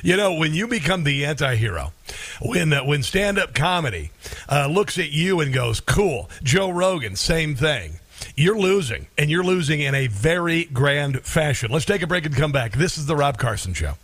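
A man's voice: a little high, big pitch swings, normal speed, fairly bright tone, breathy edge. A middle-aged man hosting a talk radio show, rambling with many fillers. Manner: rambling, filler-heavy delivery.

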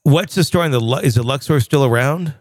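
A man co-hosting a casual chat show, telling stories in an animated way and breaking into impressions and swearing. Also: mid-range voice, fast talker, no echo, clean studio sound. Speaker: podcast co-host.

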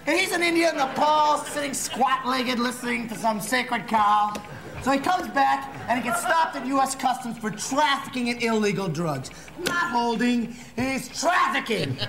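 An actor playing a loud, abrasive middle-aged barroom comic who rants and laughs at his own jokes in a comedy sketch. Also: very high-pitched, lively intonation, moderate pace, creaky, a crowd in the background, heavily acted. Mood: ranting. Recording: old broadcast clip, roomy with studio audience.

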